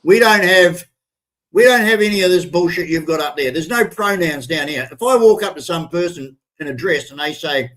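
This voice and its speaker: An older man with a broad Australian accent holds forth on a live stream in a blunt, profane rant. His voice sits high for a man, and he keeps stumbling into restarts as he builds up steam. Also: lively intonation, moderate pace, fairly bright tone, low-quality recording. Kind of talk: ranting commentary.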